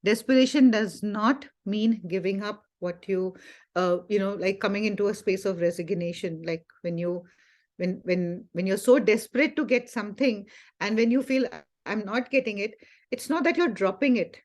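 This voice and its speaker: A woman's voice: mid-range voice, normal speed, a little mellow. A woman, a wellness teacher giving a Sunday talk, telling a personal story earnestly with many fillers. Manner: earnest storytelling with frequent fillers and quoted dialogue.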